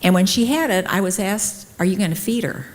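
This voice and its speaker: A woman's voice: mid-range voice, fairly quick. A middle-aged woman, a nurse, telling personal stories at a conference and acting out the dialogue. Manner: lively, acts out quoted dialogue. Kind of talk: personal storytelling talk. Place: conference hall. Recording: long hall reverb.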